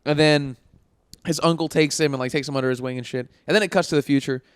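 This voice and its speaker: A young man rattles off a story at high speed with loose, profane enthusiasm. His voice comes across smooth and clean. The sound is close and dry, with no room around it. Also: steady tone, quick pace, no echo. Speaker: podcast co-host. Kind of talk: casual chat.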